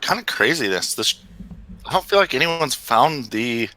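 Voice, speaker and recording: A man's voice: mid-range voice, lively intonation, pushed and bright. A man commentating a motocross race, reeling off the rider lineup and calling positions. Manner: reels off rider lists quickly, dry asides. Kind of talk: play-by-play commentary.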